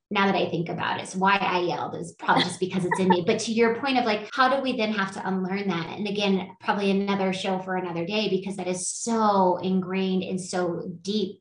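A woman teacher hosting a podcast, talking in a casual, animated way and laughing at herself as she tells a story. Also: mid-range voice, roomy sound, rough recording. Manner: animated, laughing, self-deprecating. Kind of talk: casual conversation.

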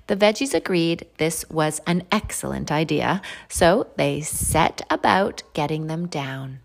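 A woman reading a children's picture book aloud as a channel host, animated and laughing between lines. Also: mid-range voice, creaky. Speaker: storybook reader, channel host.

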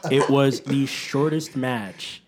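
A man co-hosting a podcast, chatting casually in an animated way. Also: mid-range voice, takes it slowly, heavy background noise. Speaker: podcast co-host. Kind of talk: casual chat.

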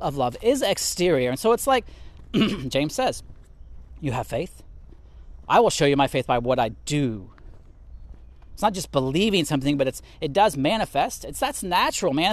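Lively, slightly breathless male teacher. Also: fairly high pitch, no echo. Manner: animated, reads and explains scripture; talks while walking vigorously. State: a little out of breath. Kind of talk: spoken Bible teaching.

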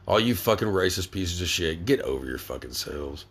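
A man's voice: deep voice, animated, normal speed, a bit bright, breathy edge. A young man hosting a podcast, ranting angrily with constant swearing and stammered restarts. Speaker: podcast host. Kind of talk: profane ranting monologue.

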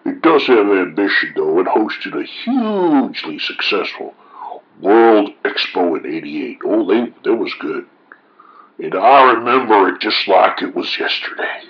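Male host, sarcastic post-reader, animated pitch, muffled lo-fi audio. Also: measured pace. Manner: mock-indignant, folksy. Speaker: host reading forum posts aloud. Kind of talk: reading posts with sarcastic commentary.

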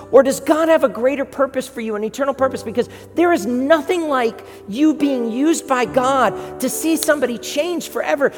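A preacher delivering an impassioned sermon full of repeated exhortations. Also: high voice. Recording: long hall reverb, clear music behind.

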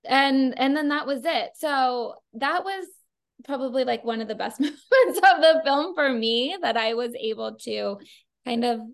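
A costume designer appearing as a guest tells stories in a high-pitched, creaky voice at normal speed. It's a casual interview, and she's chatty, packing her speech with fillers, especially "like."

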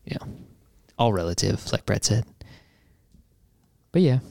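A man's voice: on the low side, sing-song, slow pace, creaky, a little mellow, no room sound, studio quality. A young Midwestern man chatting casually about music as a podcast co-host, rambling with lots of fillers. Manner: rambling, full of fillers and restarts.

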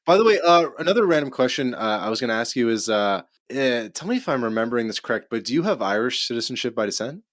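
A man from Canada with a Canadian accent, guesting on a casual podcast, relaxed and easygoing. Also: mid-range voice, fast, few pauses, dry recording, studio quality. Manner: relaxed and easygoing, laughs along. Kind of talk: casual conversational interview.

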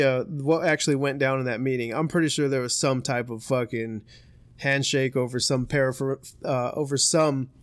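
A man's voice: mid-range voice, moderate pace, no room sound. A young man hosting a podcast, telling a story in casual, profane chat and laughing often. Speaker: podcast host.

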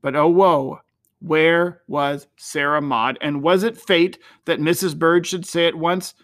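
A man narrating an old-fashioned storybook with a high voice. His delivery is expressive and gently dramatic, and his tone is clear and bright. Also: measured pace.

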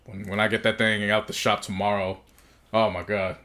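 A man co-hosting a casual podcast, relaxed and joking. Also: on the low side, normal speed, over a noisy crowd. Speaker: podcast co-host.

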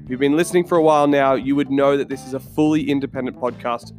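An Australian man, a coach who hosts his own podcast, talks solo into a studio microphone, earnestly telling his listeners a story and posing questions along the way. His voice is medium-pitched, steady, and darkish, and he speaks fast with few pauses while faint music plays behind him.

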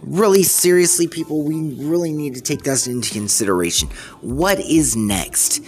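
Brief: vlogger, middle pitch, exasperated unscripted rant, trips over words, soft music bed behind. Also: lively intonation, normal speed. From United States. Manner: exasperated, rambling, with frequent restarts. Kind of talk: unscripted ranting monologue.

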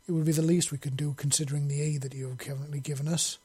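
A man's voice: on the high side, little pitch movement, racing, warm tone, husky. A man reading an audiobook, voicing an emotional female serpent-folk regent in a raised, exclaiming voice. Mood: earnest.

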